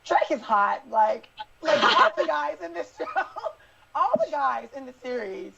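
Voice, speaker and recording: A woman's voice: sits high, sing-song, unhurried, gravelly, a bit bright, dull audio. A woman, an actress and morning show co-host, chatting in a bubbly, laughing way. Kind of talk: casual interview chat.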